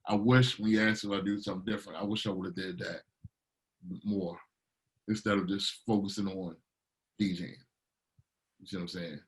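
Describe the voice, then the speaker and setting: A man's voice: low-pitched, moderate pace, long pauses, rough recording. A middle-aged man from Baltimore, a DJ and producer talking casually in an interview, telling stories with a lot of energy and acting out what people said. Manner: animated storyteller, acts out quotes.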